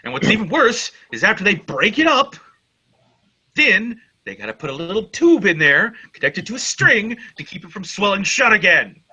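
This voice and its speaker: A man's voice: sits high, pushed and bright, slightly rough. A man co-hosting a casual geek news chat, blunt and profane, joking as he argues. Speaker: co-host. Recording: lo-fi recording.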